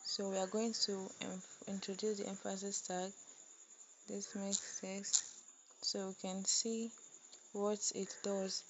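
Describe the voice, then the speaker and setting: Woman coding tutor, measured and monotone, repeats words while typing. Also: mid-range voice, lo-fi sound, slight background noise. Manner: dictates slowly while typing, repeats phrases. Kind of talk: screen-recorded coding tutorial.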